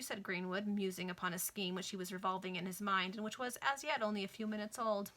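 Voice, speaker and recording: A woman reads a novel aloud to her friends over a video call. She narrates plainly and casually in a bright voice, with no performance polish. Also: mid-range voice, steady tone, quick pace, few pauses. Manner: plain narration with offhand asides. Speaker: reader.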